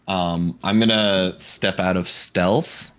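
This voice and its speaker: A man's voice: low-pitched, steady tone, slow, a bit bright, clean tone. A man playing a tabletop game, playful and hesitant, stumbling over words. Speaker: player.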